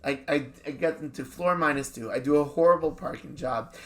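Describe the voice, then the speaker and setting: A man, a rabbi, co-hosting a podcast and telling an animated anecdote in casual chat, slipping into quick voice impressions. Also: on the high side.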